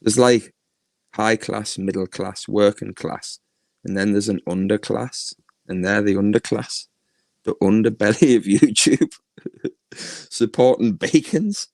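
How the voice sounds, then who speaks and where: A man's voice: fairly low pitch, unhurried, vocal fry, darkish tone, dry recording, low-quality recording. A man with a Liverpool accent hosting a livestream, ranting crudely and mockingly, laughing often. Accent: Liverpool (Scouse). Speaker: livestream host.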